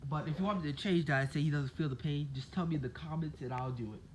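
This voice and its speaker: A man's voice: on the high side, fast, slight background noise. A man casually telling a made-up fan story, rambling with lots of "like" and "basically".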